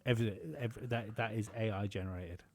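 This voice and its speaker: Man, podcast co-host, rambling casual chat, lots of fillers, deepish voice, dry sound. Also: steady tone, quick pace, a little mellow, dry recording. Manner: rambling, full of fillers and swearing.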